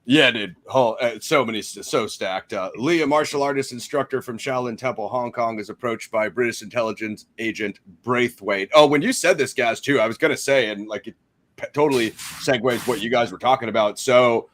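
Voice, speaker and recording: A man's voice: mid-range voice, a little fast, fairly bright tone. A man hosting a casual film-review chat, laid-back and slangy, with lots of fillers. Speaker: podcast host.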